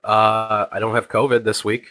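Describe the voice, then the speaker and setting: A man's voice: on the low side, level tone, moderate pace, bright, forceful tone, no echo. A man in a podcast chat, talking in an offhand, self-deprecating way. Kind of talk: casual chat.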